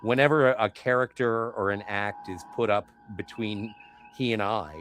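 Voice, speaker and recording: A man chatting casually as a podcast co-host, animated, often slipping into quoted voices. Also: fairly low pitch, moderate pace, slight background noise. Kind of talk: casual conversational chat.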